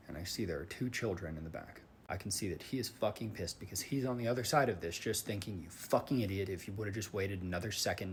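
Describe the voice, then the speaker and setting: A man telling a personal story in a candid, casual monologue, swearing freely and shifting between calm and worked-up. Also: deep voice, a little hiss or hum. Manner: candid, swears often, emotional swings. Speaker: vlogger.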